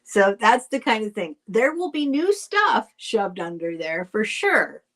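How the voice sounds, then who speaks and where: A woman's voice: medium pitch, very animated, a little slow, a bit bright. A middle-aged woman chatting casually while selling items on a live stream, rambling and thanking buyers by name. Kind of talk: casual live sale chat.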